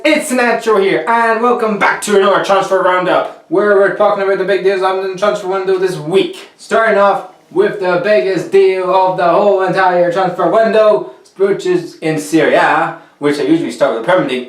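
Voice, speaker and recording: A man's voice: high-pitched, recorded from a distance. Chatty young man with roomy echo. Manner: chatty, rambling, opinionated, restarts sentences. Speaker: football vlogger. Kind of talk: casual football transfer commentary. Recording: roomy echo, a little off the mic.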